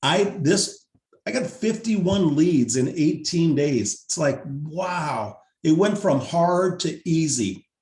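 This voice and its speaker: A man leading a team video call, pitching a pay plan in an upbeat, salesy way and going over the numbers more than once, his voice wearing thin. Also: lively intonation, takes it slowly, darkish tone, roomy sound. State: losing his voice.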